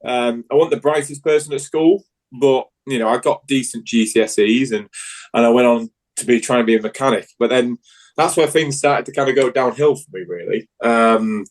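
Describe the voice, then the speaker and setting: A man's voice: medium pitch, normal speed, poor audio. Candid Northern English man, rambling. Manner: frank, rambling with many restarts. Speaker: guest, Paralympic judoka. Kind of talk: casual interview chat.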